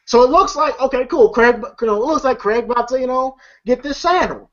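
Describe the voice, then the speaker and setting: A film reviewer giving a casual, animated recap of a movie scene, chuckling and using lots of filler phrases. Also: high-pitched, fairly quick. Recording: dull lo-fi audio.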